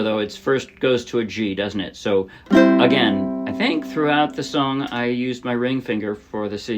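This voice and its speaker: A man casually teaching ukulele, chatty and demonstrative, often correcting himself mid-sentence. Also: mid-range voice. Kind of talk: casual tutorial talk. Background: ukulele playing.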